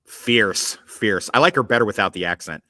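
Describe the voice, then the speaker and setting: A man's voice: fairly low pitch, animated, moderate pace, sharp tone, faint music behind. A man hosting a podcast in a casual chat, rambling with lots of fillers, swearing freely and tossing in sarcastic asides. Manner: rambling, hesitant, with many fillers and frequent swearing. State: occasional coughing from allergies. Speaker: podcast host.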